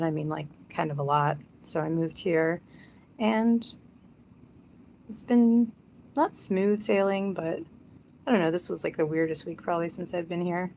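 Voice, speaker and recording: A woman's voice: sits low, vocal fry, darkish tone, slight background noise. A young woman rambling casually on a live stream, chatty and self-mocking.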